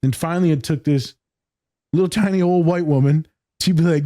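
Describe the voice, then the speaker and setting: Slangy, emphatic man with a mellow voice. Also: fairly high pitch, a little fast, no room sound, studio quality. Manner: emphatic and slangy, says "my guy", swears freely. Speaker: podcast host. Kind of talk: casual podcast chat.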